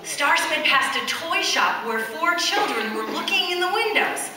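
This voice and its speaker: A woman reading a picture book aloud to children in a church, pausing to ask them questions. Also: very high-pitched, noisy background. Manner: animated, questions the children as she reads. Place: church, large indoor space. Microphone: far camcorder. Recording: echoey church hall from far off.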